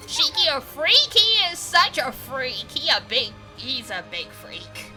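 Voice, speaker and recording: A young woman streamer reacting to a visual novel with excitable, swearing, laughing commentary on a desk mic. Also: sits high, takes it slowly, few pauses, music in the background, rough recording. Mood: excited. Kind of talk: casual game commentary.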